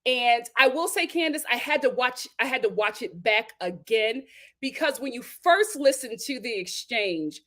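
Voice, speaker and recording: Bright, high-pitched woman chatting animatedly. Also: moderate pace. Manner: animated and expressive, greets chat viewers, laughs often. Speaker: host of a live show review stream. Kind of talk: casual live-stream chat.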